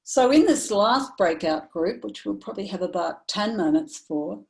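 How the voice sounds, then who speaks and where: A woman therapist speaking in an online training session, telling a client story in a measured, reflective way with frequent ums and uhs. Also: medium pitch, animated, gravelly, darkish tone, low-quality recording. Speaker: somatic therapist presenting to professionals.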